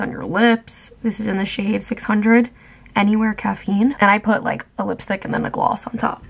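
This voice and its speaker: A young woman with a hoarse, worn-out voice chats casually to camera at home, rambling freely and filling her sentences with "like." Her voice carries a heavy gravelly fry throughout. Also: mid-range voice. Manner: chatty, rambling, lots of "like". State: hoarse, voice mostly gone. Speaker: vlogger. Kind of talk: casual vlog chat to camera. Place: at home indoors.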